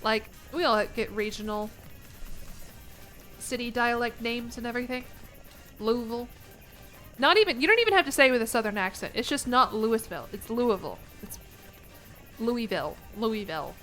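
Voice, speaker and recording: A woman's voice: a little high, brisk, pushed and bright, soft background music. Chatty young woman streamer rambling. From United States. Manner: rambling, playful, laughs between lines. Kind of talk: casual game-stream chat.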